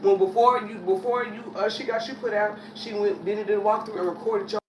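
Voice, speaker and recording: A woman chatting on a livestream, talking in a fast, insistent and sassy way. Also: medium pitch, fairly even intonation, reverberant, recorded from a distance, slight background noise, rough recording. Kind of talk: livestream chat.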